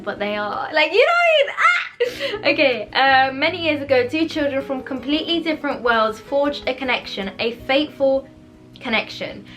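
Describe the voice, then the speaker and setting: Girl gushing over her book haul, higher voice, lots of giggles, a little music playing quietly behind. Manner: bubbly, giggly, animated. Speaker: book vlogger. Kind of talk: casual book haul chat.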